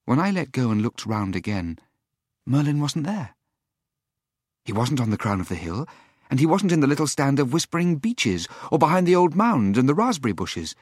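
Husky, expressive male storyteller. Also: medium pitch, moderate pace, no room sound, studio quality. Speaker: narrator. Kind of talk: storybook reading.

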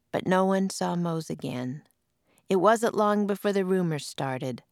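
A woman reads a storybook aloud, her voice sitting a little low. She is expressive and lively, and the recording is dry and close with no room sound. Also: a little slow, dry recording. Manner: expressive, puts on voices for quoted lines. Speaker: author and narrator.

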